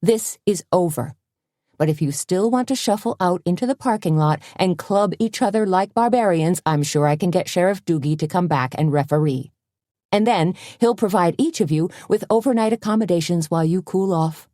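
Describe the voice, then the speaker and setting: Firm, scolding middle-aged cafe owner read by a woman; low, dry close audiobook read. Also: moderate pace, mellow, no echo, natural voice. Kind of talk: audiobook character voice.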